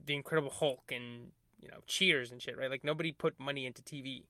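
A man's voice: medium pitch, steady tone, fast talker, bright, forceful tone, no room sound, clean studio sound. A man in casual podcast chat who explains at length, swears casually and keeps affirming with "right" and "mm-hmm".

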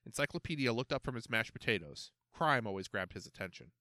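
A man narrating a storybook aloud with a lively, swooping delivery. His voice is bright and forward. The sound is dry and close to the mic, with no room echo. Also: fairly low pitch, quick pace, hardly any pauses. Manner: expressive, animated reading.

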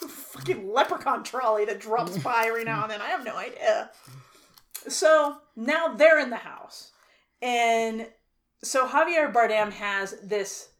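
A woman co-hosting a casual chat, retelling a movie plot with exasperated laughter and free swearing. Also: medium pitch. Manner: exasperated, laughing storyteller who swears freely. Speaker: podcast co-host.

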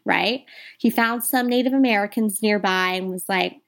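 A woman in a casual podcast chat, running through spooky tales in a loose, talky way. Her voice sits at an everyday middle pitch. She often turns to address the listeners directly. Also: normal speed, gravelly. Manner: chatty, addresses listeners as "you guys". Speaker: podcast co-host. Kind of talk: casual ghost-story chat.

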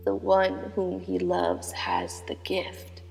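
A woman voicing a frail, mysterious old male vagabond who speaks in a slow, hoarse, gravelly whisper. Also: fairly low pitch, big pitch swings, darkish tone, full character voice. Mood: cryptic. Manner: slow, halting, cryptic. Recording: long reverb with background music.

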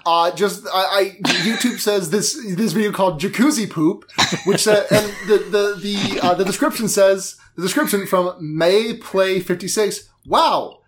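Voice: mid-range voice, fairly even intonation, normal speed. A podcast host chatting casually, giggly and rambling, often repeating words.

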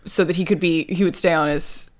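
A woman's voice: steady tone, fairly quick. A woman co-hosting a podcast, chatting casually and playfully as she recaps a TV episode. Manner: playful, jokey, acts out quotes with big swings in pitch. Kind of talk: casual chat.

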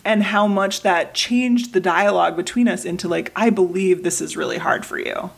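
A woman's voice: mid-range voice, fairly quick, gravelly, hardly any pauses, husky. A woman in her thirties co-hosting a podcast, telling personal stories in a casual, emotional way. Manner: emotional, animated storytelling with acted quotes. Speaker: podcast co-host. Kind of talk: casual conversation.

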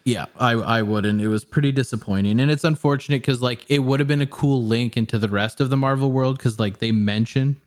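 A man's voice: medium pitch, a little fast, few pauses. A young man in casual chat, reviewing a film in a rambling way with lots of fillers and swearing. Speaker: podcast co-host reviewing a film.

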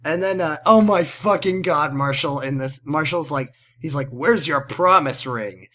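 Higher-voiced man joking in casual chat. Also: a little slow, sharp tone. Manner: mocking, acts out characters' lines. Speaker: podcast co-host recapping a TV episode.

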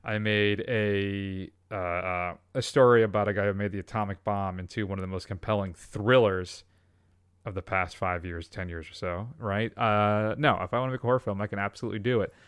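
A man's voice: fairly low pitch, fairly even intonation, a little fast, a bit bright, smooth, no room sound, studio quality. A man co-hosting a film podcast, rambling and joking with many fillers. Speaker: podcast co-host. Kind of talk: casual comedic film chat.

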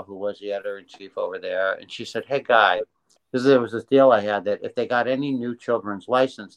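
A man's voice: lowish voice, rough recording. An older man in an interview, telling a story casually with lots of energy. He restarts his sentences often and slips into voices for the people he quotes. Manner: animated, does voices, many restarts. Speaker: interview guest, illustrator.

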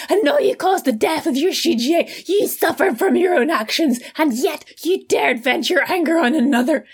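A woman voicing an angry male sect leader who denounces a villain loudly and formally. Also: sits high, voice pushed up. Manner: loud formal denunciation.

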